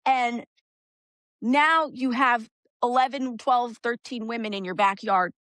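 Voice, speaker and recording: A woman's voice: on the high side, unhurried, no room sound. Candid, swearing woman, dry sound. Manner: candid, profane, lively storytelling. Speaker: guest, energy practitioner. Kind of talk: casual podcast conversation.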